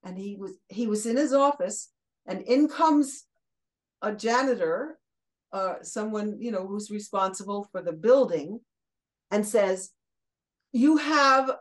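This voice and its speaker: Older woman spinning lively anecdotes. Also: mid-range voice, a little slow, rough recording. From Brooklyn, USA. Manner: lively anecdotal storyteller who laughs mid-sentence and acts out quotes. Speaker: guest, former children's TV host. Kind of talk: casual storytelling interview.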